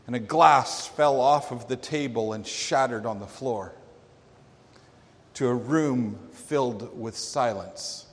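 A male pastor preaching a sermon, telling a story dramatically with emphatic pauses. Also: mid-range voice. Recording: long reverb of a large hall.

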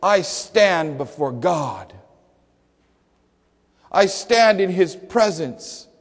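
A man voicing a commanding male archangel, declaiming slowly and emphatically in a reverberant hall. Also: high-pitched, expressive, exaggerated voice. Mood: emphatic.

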